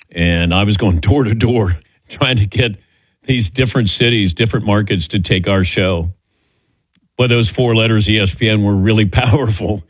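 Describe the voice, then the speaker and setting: A man's voice: lowish voice, no echo. A middle-aged man hosting a sports radio show, joking wryly and teasing himself. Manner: wry, self-deprecating joking. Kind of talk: casual sports talk radio.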